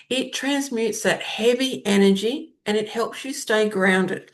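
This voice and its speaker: A woman hosting a solo podcast in a casual, chatty way, laughing at her own stumbles and often trailing off softly at the end of sentences. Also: on the high side, unhurried, hardly any pauses. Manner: chatty and warm about crystals, laughs at her own stumbles over words. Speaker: podcast host, spiritual guide.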